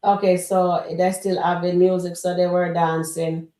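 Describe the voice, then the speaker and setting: Stream host, woman, lower voice, talks to chat, echoey room. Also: level tone, moderate pace, mellow, a little hiss or hum. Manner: chatty, addresses the chat directly. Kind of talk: live reaction commentary.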